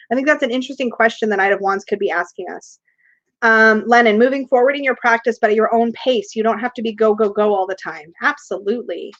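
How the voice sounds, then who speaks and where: On dull, lo-fi livestream audio, a tarot reader hosts a relaxed stream in a fairly high, somewhat bright voice. She chats freely, reads out comments from viewers, and laughs often.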